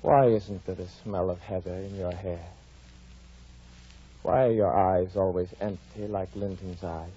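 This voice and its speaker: An actor playing a brooding, bitter young man in a 1940s radio drama, cold and mocking with a husky voice. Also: sits low, fairly even intonation, a little slow. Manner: cold, mocking, turning to fierce shouts. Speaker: Heathcliff. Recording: dull 1940s radio broadcast.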